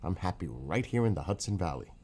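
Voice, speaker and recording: A man's voice: low-pitched, lively intonation, fast talker, warm tone, slight background noise. A middle-aged man with a New York accent, chatting casually on a morning livestream and greeting viewers by name as he rambles. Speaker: livestream host.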